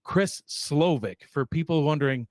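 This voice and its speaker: A man's voice: a little high, lively intonation, normal speed, dry recording, clean studio sound. A man hosting a sports show in a loose, rambling way, full of fillers and self-deprecating asides. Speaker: show host. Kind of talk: casual sports show chat.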